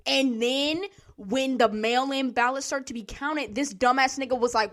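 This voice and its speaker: A woman's voice: high-pitched, fairly even intonation, normal speed, fairly bright tone. A woman hosting a solo podcast, ranting in a blunt, profane, heated way, with sighs and laughs between her points. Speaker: podcast host.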